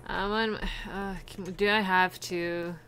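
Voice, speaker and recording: She narrates her gameplay in a fun, gabby way, bursting into high excited squeals without warning, all at a measured pace.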